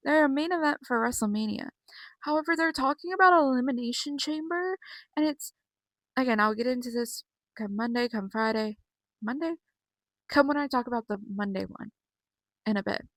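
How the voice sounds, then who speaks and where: A woman's voice: high voice, expressive, normal speed, pauses often, fairly bright tone, no room sound, low-quality recording. A young woman chatting casually from her bedroom, rambling with many fillers as she recaps wrestling shows. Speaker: wrestling vlogger. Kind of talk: casual chat.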